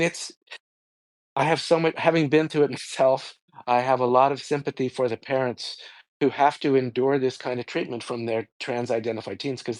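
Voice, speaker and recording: A man, a psychotherapist guest in an interview, explaining his views in a lively conversational way and acting out quoted dialogue. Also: mid-range voice, no room sound. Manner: animated storyteller, acts out quoted dialogue.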